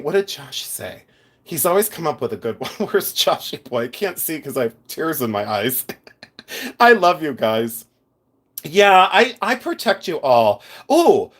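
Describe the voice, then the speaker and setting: A man hosts a live stream showing gems, chatting casually with viewers, giggling often, and rambling off into asides. His voice is a little high with a fairly bright tone.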